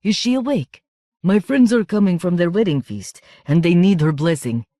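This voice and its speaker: A woman reading an audiobook, voicing a drunk man with a high, whistling voice. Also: lively intonation, normal speed, mellow, no room sound, studio quality, lightly acted. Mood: eager, tipsy. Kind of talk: audiobook character voice.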